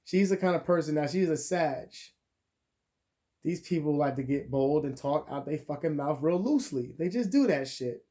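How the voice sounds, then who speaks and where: A young man telling a profane storytime rant as a vlogger, crude and animated, jumping between loud outbursts and muttered asides. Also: fairly high pitch, moderate pace.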